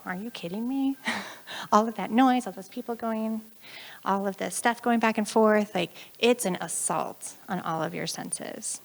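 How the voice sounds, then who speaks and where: A woman with an American accent giving a chatty, animated conference talk, often acting out the voices of the people in her stories. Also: medium pitch, creaky. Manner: chatty, animated, acts out quoted voices, frequent laughs. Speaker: conference speaker.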